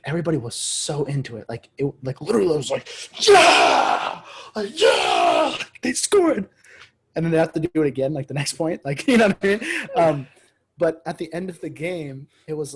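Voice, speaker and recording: A man co-hosting a podcast, telling a rambling story in an animated way, full of "like" and "right?", over a video call. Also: mid-range voice, breathy edge. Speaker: podcast co-host. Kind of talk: casual chat.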